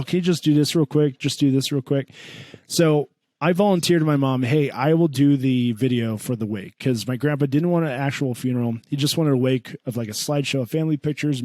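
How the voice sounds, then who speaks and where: Man, podcast co-host, animated comic storyteller, dry close mic. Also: no echo. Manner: animated, swears a lot, voices his mom in a high pitch. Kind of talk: comedic storytelling.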